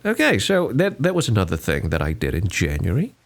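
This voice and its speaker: A man's voice: medium pitch, big pitch swings, a little fast. A young man hosting a casual solo podcast, rambling and self-deprecating with many restarts. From Singapore. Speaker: podcast host.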